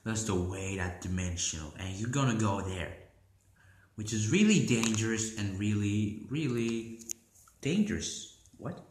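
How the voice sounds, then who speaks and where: A man voicing a creepy male monster police officer who mutters in a low, hushed voice. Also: expressive, measured pace. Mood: grumbling. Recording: echoey room with loud noise.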